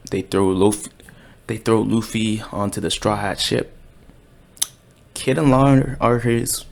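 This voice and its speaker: A man giving a casual, excited chapter review, talking in slang and acting out the characters' lines. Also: fairly low pitch, vocal fry, slight background noise. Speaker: anime and manga reviewer.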